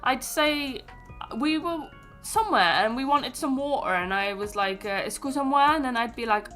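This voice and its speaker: A woman's voice: fairly high pitch, expressive, moderate pace, bright, forceful tone, soft background music. Chatty young Englishwoman, sweary storyteller. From England. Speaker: streamer. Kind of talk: casual chat.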